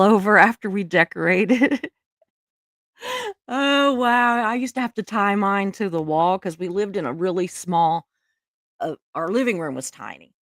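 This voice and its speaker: A woman's voice: mid-range voice, no room sound, clean studio sound. A middle-aged woman, hosting a casual livestream and reading viewer comments in a chatty, emotional way with frequent laughs. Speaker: live stream host reading viewer comments. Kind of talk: casual chat.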